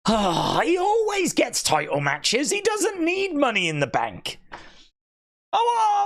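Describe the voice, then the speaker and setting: A man reacting live on stream in theatrical mock despair, his voice leaping from high wails down to low groans. He talks slowly and drags out his words, and sarcasm runs through his commentary. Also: huge pitch swings, a bit bright. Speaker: wrestling live-stream host.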